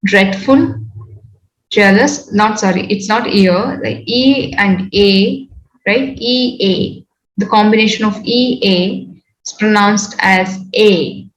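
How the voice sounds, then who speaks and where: A woman with an Indian English accent leads a pronunciation lesson at a very unhurried pace. She says each word deliberately, often twice, checking in with her students. Her voice carries a roomy echo. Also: medium pitch. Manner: slow, deliberate, repeats words for pronunciation drills. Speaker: teacher. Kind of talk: online phonetics lecture.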